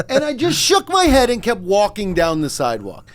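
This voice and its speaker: Animated man telling an outraged story. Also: high voice, brisk, no room sound. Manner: animated storytelling, swearing, big jumps up to shouted outrage. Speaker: podcast host. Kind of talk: casual comedic chat.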